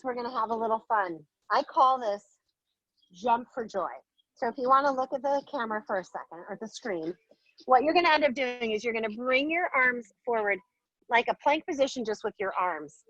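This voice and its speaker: A woman's voice: fairly high pitch, animated, moderate pace, a bit bright, no echo, lo-fi sound. A woman teaching a yoga class, giving upbeat, playful cues while moving and a little out of breath. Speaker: yoga instructor. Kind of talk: guided yoga class instruction.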